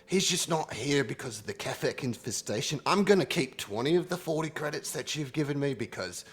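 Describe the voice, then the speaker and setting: A man's voice: medium pitch, lively intonation, a little fast, slightly rough. A man voicing a shifty, defensive male street meat vendor in a tabletop game, stammering and flustered as he talks.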